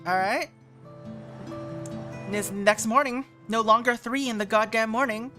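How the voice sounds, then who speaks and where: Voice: medium pitch, unhurried, bright, forceful tone, soft background music. A streamer chatting casually and making jokes while playing a detective game. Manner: chatty and joking.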